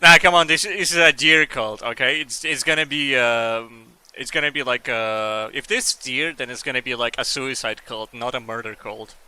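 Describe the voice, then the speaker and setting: Bright-voiced laughing game streamer man. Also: mid-range voice, moderate pace, few pauses, clear, resonant tone. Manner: rambling, laughing, swearing freely. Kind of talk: casual gaming stream commentary.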